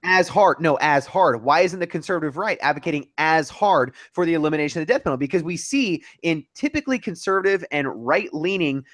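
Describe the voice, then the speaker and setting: A man co-hosting a discussion podcast, his voice a touch high and sounding dry and close to the mic. He argues in a pointed, heated way, pushing back hard on each claim. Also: expressive, quick pace, hardly any pauses, fairly bright tone, no echo. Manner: pointed, argumentative. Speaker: podcast co-host. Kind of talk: heated debate.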